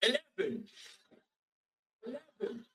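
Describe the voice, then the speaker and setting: An actor with a Scottish accent playing a stubborn, sardonic lift passenger in a comedy sketch. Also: male voice, slow pace, pushed and bright, distant mic.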